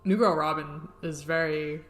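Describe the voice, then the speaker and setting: A young woman giving casual commentary while reacting to a TV episode, chatty and excitable, laughing often and saying "like" a lot. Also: low voice, a little slow, soft background music. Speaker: TV reaction vlogger. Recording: roomy echo.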